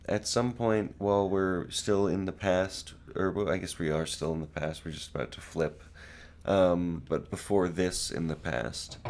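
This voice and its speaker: A man co-hosting a casual anime podcast, laid-back and recapping scenes with plenty of casual swearing. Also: deep voice. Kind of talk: casual chat.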